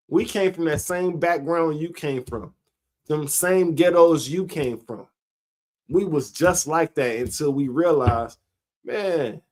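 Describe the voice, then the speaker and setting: A man, giving a casual sermon-style monologue, slow and conversational, laughing between his points. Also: on the high side, darkish tone. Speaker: street preacher.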